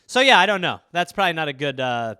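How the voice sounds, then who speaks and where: A man's voice: fairly high pitch, very animated, fast talker, bright, forceful tone, smooth, dry recording, studio quality. A man hosting a comedy podcast, riffing casually in a rambling way full of "like" and restarts, swearing freely.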